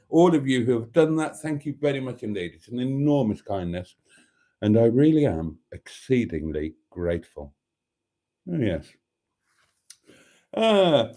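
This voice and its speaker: Guy chatting on a live stream from home, mid pitch, soft dark voice, calls everyone darling, cheeky jokes. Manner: theatrical, camp, calls viewers darlings; cheeky, mock-rude jokes. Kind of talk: casual live stream chat.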